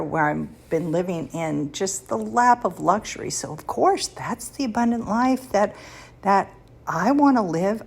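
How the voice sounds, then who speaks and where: A woman's voice: mid-range voice, vocal fry, slightly rough. A woman in her sixties hosting a faith podcast, sharing personal stories in a confiding way and laughing lightly between thoughts. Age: 60s. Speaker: podcast host.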